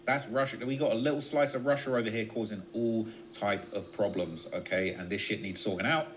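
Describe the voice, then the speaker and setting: A man's voice: steady tone, fairly quick, noisy background. Blunt, profane man ranting on a stream. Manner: blunt and profane, keeps checking in with "all right?" and "okay?"; shifts between low muttering and raised, emphatic bursts. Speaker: live streamer. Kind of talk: casual political commentary on a livestream.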